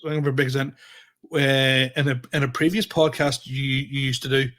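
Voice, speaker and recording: A man's voice: mid-range voice, flat delivery, fairly bright tone. Laid-back man on a podcast. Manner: laughs often, halting with fillers and restarts. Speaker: comedian and podcast co-host. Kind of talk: casual podcast chat.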